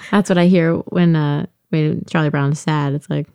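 Casual halting woman; slow, gravelly, dry. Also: sits low, steady tone, a little mellow, no echo. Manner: halting, with fillers. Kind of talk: casual chat.

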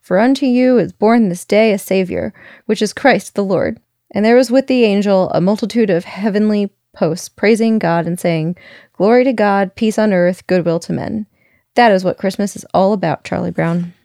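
A woman reading a storybook aloud, voicing a calm, thoughtful young boy who recites earnestly. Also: mid-range voice, normal speed, no room sound, studio quality, natural voice.

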